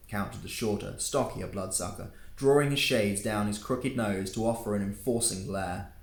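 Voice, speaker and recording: A man reads his own novella aloud in an unpolished, casual way, stumbling now and then. His voice sits low, and the home recording has a roomy echo. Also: normal speed, vocal fry. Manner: casual, with slips and restarts. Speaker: author reading his own book. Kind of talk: audiobook narration.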